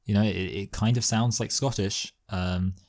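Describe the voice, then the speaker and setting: A man's voice: lowish voice, fairly even intonation, normal speed, a little mellow. A man co-hosting a casual film podcast, talking in a laid-back, hesitant way full of fillers. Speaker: podcast co-host. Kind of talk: casual chat.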